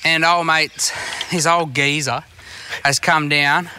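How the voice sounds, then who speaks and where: Aussie guy spinning sweary yarns, really bright sharp voice, bit of hiss behind. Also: a little high, steady tone, slow. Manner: sweary storytelling. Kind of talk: casual chat.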